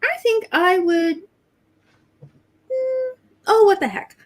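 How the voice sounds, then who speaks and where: Lively woman discussing art on a livestream. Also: extremely high pitch, slow pace. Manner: thoughtful, detailed art commentary. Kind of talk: casual livestream chat.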